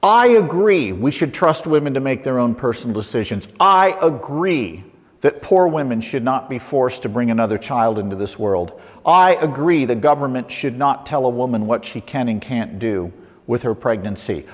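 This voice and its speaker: A middle-aged man giving a lively talk to an audience, asking rhetorical questions with playful asides, on a mic in a lecture hall. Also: medium pitch, moderate pace. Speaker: speaker. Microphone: handheld or lapel mic. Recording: long hall reverb.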